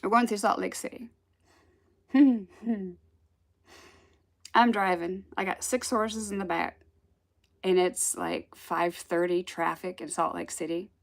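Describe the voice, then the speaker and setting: A woman telling a personal spiritual story in a casual, animated way, acting out the voices she quotes and laughing often. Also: fairly low pitch, slow pace, long pauses.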